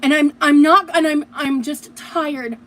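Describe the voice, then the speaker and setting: High-voiced, aggrieved woman streamer. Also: fairly even intonation, unhurried, a bit bright. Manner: aggrieved, defensive, tired. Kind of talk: livestream monologue.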